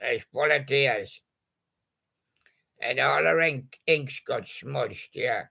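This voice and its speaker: A male host with a very gravelly, heavily creaky voice that is also strikingly bright and forceful. He takes his time, drawling through jokey puns on old song titles. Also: medium pitch, slow. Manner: punning, jokey, chuckles at his own gags. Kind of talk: playful patter about old song titles.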